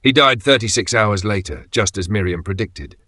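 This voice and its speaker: A man narrating a scripted dark horror story in a steady, grave tone. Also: lowish voice, moderate pace, no room sound.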